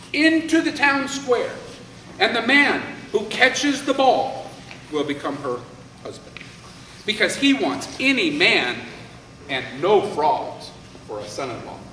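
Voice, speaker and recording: A man's voice: sharp tone, slight background noise, full character voice. A man voicing an anxious, fussy king who talks in a raised, fretful way. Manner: higher, pleading and fretful. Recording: echoey hall, voice from far off.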